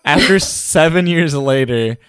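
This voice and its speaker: A man co-hosting a podcast in casual chat, rambling with halting restarts and frequent laughs. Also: fairly high pitch, a bit bright, smooth. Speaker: podcast co-host.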